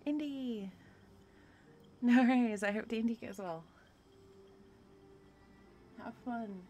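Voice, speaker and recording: A woman's voice: on the high side, unhurried, darkish tone. A young woman streaming live while she paints, tired and worn out, reading her chat aloud and answering viewers with encouragement. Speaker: livestreamer.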